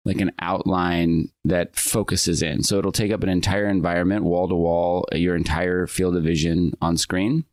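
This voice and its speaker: A man's voice: sits low, little pitch movement, moderate pace, hardly any pauses, no echo. A man who is a guest on a podcast, chatting casually and searching for his words as he goes. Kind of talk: casual chat.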